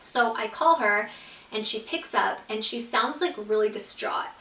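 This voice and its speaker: A chatty woman tells a personal story straight to camera, sprinkling "like" through every sentence. Her voice sits a little high and sounds bright and forceful. She is recorded from a few feet off in an echoey room. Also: a little slow, distant mic. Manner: chatty, fills speech with "like", acts out quoted dialogue. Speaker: YouTube storyteller. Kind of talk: casual storytime monologue.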